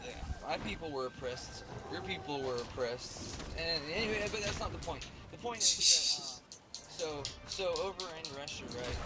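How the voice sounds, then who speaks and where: An American man chatting casually on a stream, rambling and profane, with many restarts. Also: medium pitch. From United States.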